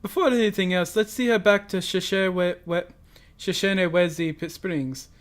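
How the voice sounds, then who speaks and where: Man, high voice, streamer, reads game dialogue, trips on names. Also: normal speed. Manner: earnest reading with stumbles on names. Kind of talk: reading video game dialogue aloud.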